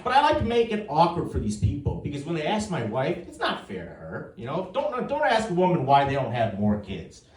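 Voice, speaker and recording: A comedian in his forties, on stage before a live audience, tells dry stories about his family and performs the other people's lines. His fairly high, slightly mellow voice swings hugely in pitch and moves fairly quickly with hardly any pauses; the roomy, distant recording carries audience laughter.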